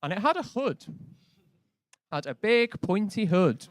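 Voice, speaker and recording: Dry-talking stand-up comedian. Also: male voice, high voice, very animated, a little slow, no echo. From Britain. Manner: dry, conversational, lots of likes. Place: comedy club stage.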